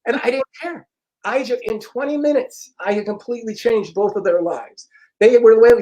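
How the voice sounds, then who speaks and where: High-voiced man telling a lively story. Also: a little fast, low-quality recording. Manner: animated, frank and profane, acts out dialogue. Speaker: interview guest, personal growth teacher. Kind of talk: casual storytelling.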